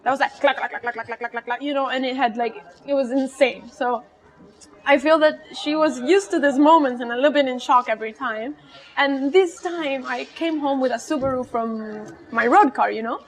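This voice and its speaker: A woman rally driver, appearing as an interview guest, tells animated stories in conversation with a high voice at a moderate pace. She's lively, laughs often, and acts out the quotes she relays.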